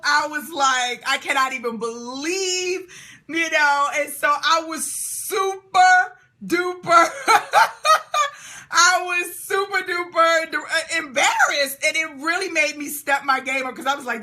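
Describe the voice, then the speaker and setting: A middle-aged woman with a high, pushed, bright voice hosts a live Q&A call. She reads viewer comments aloud and laughs and cheers often.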